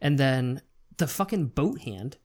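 A man's voice: mid-range voice, very animated, darkish tone. Joking, laid-back podcast man. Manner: joking, laid-back, does quick voices. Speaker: podcast co-host. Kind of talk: casual film discussion.

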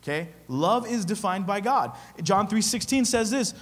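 A man pastor delivering a sermon in a high voice that rises and falls in lively swings. He presses his points hard, repeats phrases and keeps asking his listeners "okay?". The sound carries a long reverb, as from a hall. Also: moderate pace, few pauses.

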